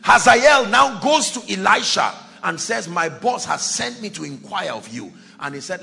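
A male preacher delivers a dramatic sermon, his gravelly, bright voice rising into loud exclamations and dropping to low, quiet lines. His pitch is lively and full of movement. Soft music plays faintly behind him. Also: moderate pace, hardly any pauses.

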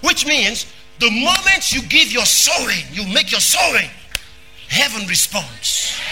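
A man preaching a sermon. He is emphatic, repeats phrases, and breaks into shouting. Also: extremely high pitch.

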